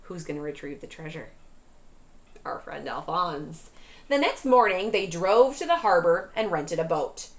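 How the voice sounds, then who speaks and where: A woman teacher reading a storybook aloud to a class, pausing to ask questions. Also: lowish voice. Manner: questioning, expressive.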